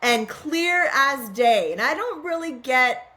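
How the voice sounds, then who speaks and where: A woman's voice: high voice, lively intonation, slow pace, sharp tone. A middle-aged woman guest on a podcast, talking in an earnest, musing way and often asking herself questions aloud. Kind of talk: reflective spiritual conversation.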